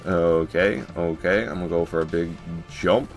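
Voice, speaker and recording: Joking gamer guy on stream, pretty low voice, squeaks way up when he gets hit. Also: normal speed, faint music behind. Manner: excitable, joking, jumps into high yelps when surprised. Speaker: game streamer. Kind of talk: casual live gameplay commentary.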